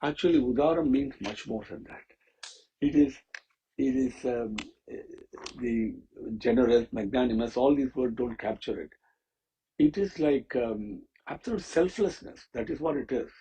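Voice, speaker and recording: A man teaching the meaning of a Sanskrit hymn, pausing often with fillers and restarts. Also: medium pitch, warm tone, dull audio, a little hiss or hum. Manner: halting, with many fillers and restarts. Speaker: scripture teacher. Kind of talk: explaining a Sanskrit hymn with stories.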